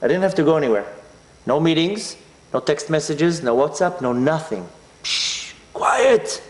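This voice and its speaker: A man's voice: a little high, normal speed, echoey room. A man from Israel, telling a personal story as a talk and acting out his own inner voice. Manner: animated, acts out his inner voice. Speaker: speaker.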